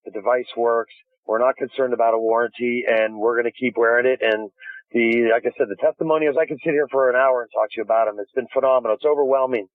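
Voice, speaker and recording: A man's voice: mid-range voice, steady tone, fast talker, no echo, phone-quality sound. A man speaks by phone as an interview guest, eager and chatty, restarting sentences as he goes. His voice sits in an ordinary middle range. The line is dry and thin, like a telephone. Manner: enthusiastic storytelling with many restarts. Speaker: guest inventor. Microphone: phone call.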